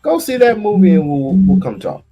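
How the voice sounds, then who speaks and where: A man's voice: high-pitched, sing-song, moderate pace, lo-fi sound, soft background music. A man hosting a casual livestream, talking in bursts with stammered restarts and repeated words. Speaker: livestream host.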